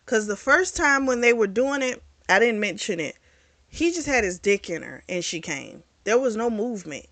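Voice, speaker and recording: A fairly bright, medium-pitched female voice, captured in a dry recording, talks through a book review. She rambles through the story in a casual, candid way, often using fillers and correcting herself, and is chatty and frank when explicit scenes come up.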